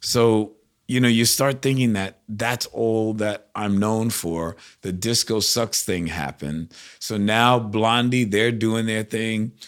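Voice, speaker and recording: An older man, a guest musician, telling animated stories in casual conversation, full of "like" and restarts. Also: on the low side, slow pace. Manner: animated anecdotes, frequent "like" and restarts.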